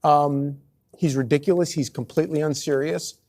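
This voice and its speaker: A man giving TV news commentary, dismissive, halting with fillers. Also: on the high side, fairly even intonation, a little mellow.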